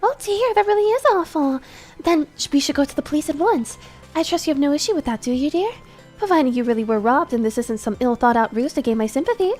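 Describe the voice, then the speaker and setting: A woman's voice: high-pitched, expressive, quick pace, a little mellow, soft background music. A woman voicing a prim, sweetly menacing landlady who speaks in genteel tones and veiled threats, reading a game's dialogue on stream.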